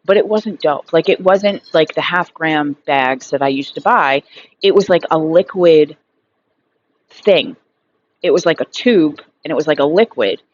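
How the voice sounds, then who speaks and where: A woman's voice: low voice, a little slow, muffled recording. A woman in her thirties telling a story in a casual vlog monologue, frank and rambling, swearing freely and filling her sentences with fillers. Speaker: recovery vlogger.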